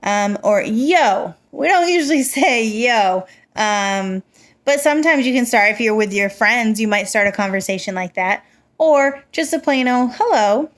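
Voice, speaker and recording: A woman with a slightly high voice teaches young children. She talks slowly and clearly, giving one simple example after another, encouraging the kids as she goes. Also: expressive.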